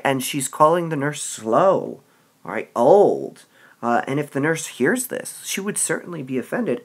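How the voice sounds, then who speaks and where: A man teaching a literature lesson, reading passages aloud and explaining them with a lively manner and frequent "all right"s. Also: mid-range voice, slightly rough.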